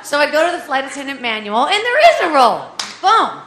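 A woman in her forties telling a comic personal story, lively and animated, acting out the voices of the people in it. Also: sits high, a little fast. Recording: echoey room with faint ambience.

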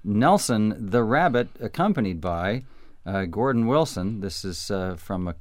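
A man's voice: fairly low pitch, expressive, a little slow, dry recording. A man hosting a radio talk show, chatting casually and rambling with many fillers. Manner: rambling, with frequent fillers and restarts. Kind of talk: casual on-air interview.

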